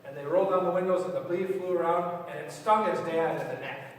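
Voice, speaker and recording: A pastor with a fairly high, brisk voice speaks plainly to the children in the church sanctuary, asking them questions before his sermon. The recording sounds distant and echoey, with a faint hiss.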